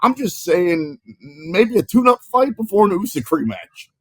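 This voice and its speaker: A man hosting a sports podcast, moving briskly from topic to topic. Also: sits high, big pitch swings, fairly bright tone, slightly rough, no room sound. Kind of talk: casual sports talk.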